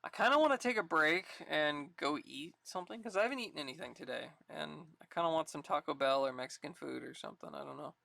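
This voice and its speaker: A live streamer chatting casually to viewers, thinking out loud and laughing often, a little out of breath. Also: mid-range voice, quick pace, gravelly, few pauses, no room sound.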